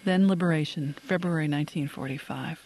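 A woman's voice: deep voice, brisk, darkish tone. A woman hosting a radio interview, asking reflective, engaged questions.

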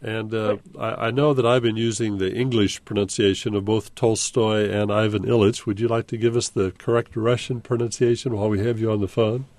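A man's voice: on the low side, little pitch movement, a little fast, few pauses, a little mellow, dry recording. A man hosting a call-in radio discussion, thoughtful and stopping to restart his phrases. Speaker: radio talk show host.

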